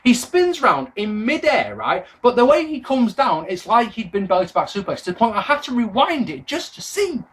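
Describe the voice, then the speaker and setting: A man's voice: very high voice, very animated, moderate pace, few pauses, fairly bright tone. Sarcastic, sweary male wrestling reviewer. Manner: sarcastic, sweary, exasperated rants. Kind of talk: casual review monologue.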